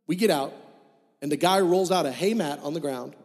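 A man preaching a sermon, telling a personal story in an animated, conversational way and acting out the dialogue. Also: fairly high pitch, a little fast. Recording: hall with long reverb.

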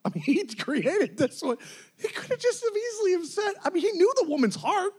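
A man preaching a sermon, animated, laughing often and acting out scenes as he goes. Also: very high-pitched, a little fast.

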